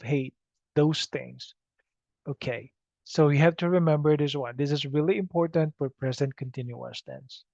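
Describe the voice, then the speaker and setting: A man explains English grammar in a slow, patient lecture, often stopping to ask "okay?". His voice sits a little high and gravelly. The recording is dry and muffled. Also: a little mellow, no echo. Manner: slow, patient, repeats "okay?" to check understanding. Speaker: English teacher.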